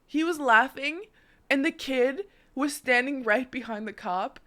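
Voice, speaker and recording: Bright, high-voiced young woman telling a story. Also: measured pace. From Norway. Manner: animated, profane, swearing often. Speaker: streamer. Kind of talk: casual storytelling on a live stream.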